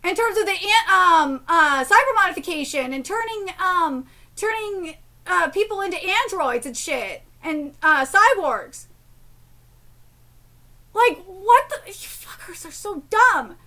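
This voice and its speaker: A woman's voice: very high-pitched, lively intonation, a little slow, sharp tone. A woman in her thirties giving live reaction commentary, ranting profanely with lots of fillers and restarts, angry. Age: 30s. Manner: rambling with many fillers and restarts. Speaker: streamer reacting to a manga chapter.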